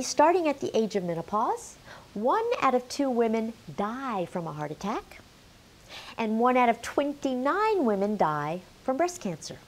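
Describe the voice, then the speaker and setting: A middle-aged woman teaching a health lesson straight to camera, emphatic and quizzing the viewer. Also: a little high. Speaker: menopause health educator.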